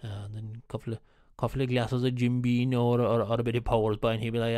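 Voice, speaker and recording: A man's voice: medium pitch, level tone, fast, mellow, clean tone, no echo, clean studio sound. A man with an Irish accent telling rambling, earthy anecdotes in casual chat, swearing freely.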